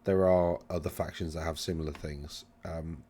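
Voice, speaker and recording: A man's voice: very deep voice, steady tone, moderate pace, dark tone, slightly rough. A man hosting a casual commentary, rambling, correcting himself and brushing things off with wry remarks. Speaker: channel host reviewing game rules.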